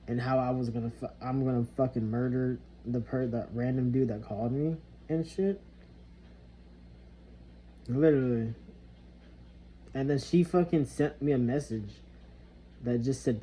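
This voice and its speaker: A man's voice: mid-range voice, normal speed, mellow, a little hiss or hum, low-quality recording. A young man venting in a rambling, frustrated way, swearing heavily as he talks to the camera. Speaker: vlogger. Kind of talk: casual venting monologue.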